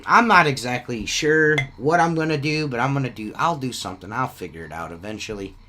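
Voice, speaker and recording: A man's voice: mid-range voice, expressive, brisk, noisy background. A man hosting a casual podcast, rambling and swearing often, with "you know what I mean" in nearly every sentence. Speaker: podcast host selling shirts.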